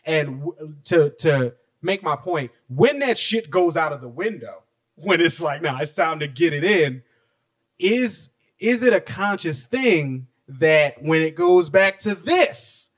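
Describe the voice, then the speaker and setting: A man co-hosting a casual podcast chat, laughing often and breaking into high-pitched impressions. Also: very animated, slow. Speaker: podcast co-host.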